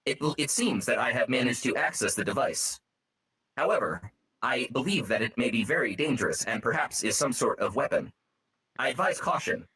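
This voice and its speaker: A man voicing a formal, stiffly polite male robot with a husky voice. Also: medium pitch, animated, moderate pace, pushed and bright, heavily acted, rough recording. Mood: cautious. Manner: stiff, overly formal diction.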